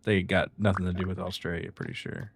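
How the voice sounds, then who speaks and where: A man's voice: low-pitched, little pitch movement, fairly quick. A man streaming a game, chatting casually with laid-back, mumbled asides. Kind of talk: casual chat while gaming. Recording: hissy stream audio with clicks.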